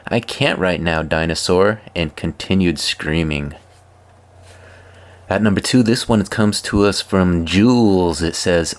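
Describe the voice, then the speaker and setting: A man hosting a comedy video, reading funny posts aloud with wry, deadpan asides. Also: sits low. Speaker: host reading viewer posts.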